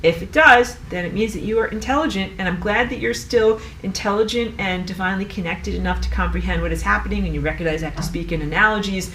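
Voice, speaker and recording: A woman giving a casual spoken lesson as a spiritual teacher, talking in an animated, exasperated way and acting out the voices of the people she quotes. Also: medium pitch, quick pace, few pauses. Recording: echoey room, mic at a distance, faint background noise.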